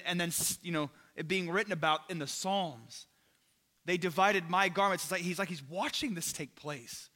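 A man's voice: high-pitched, bright, forceful tone, in a large hall. A man preaching a sermon in a casual, conversational way, often turning to his listeners directly. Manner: casual, conversational, addresses listeners as "you guys". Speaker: pastor.

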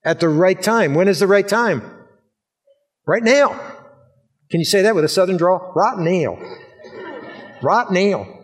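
A man's voice: high voice, moderate pace, long pauses. A man preaching a sermon, repeating key words for emphasis and putting questions to his congregation.

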